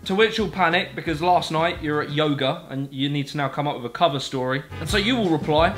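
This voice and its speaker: A man's voice: fairly high pitch, a little fast, soft background music. A man giving wry, comedic scripted narration. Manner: wry, deadpan humor.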